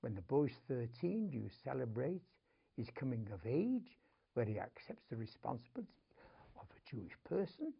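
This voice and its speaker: A man's voice: mid-range voice, big pitch swings, moderate pace, dull audio. An older man from Manchester, England, telling a family story as an interview guest, emotional, swinging between whispers and urgent outbursts. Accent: Manchester English. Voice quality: gravelly, husky.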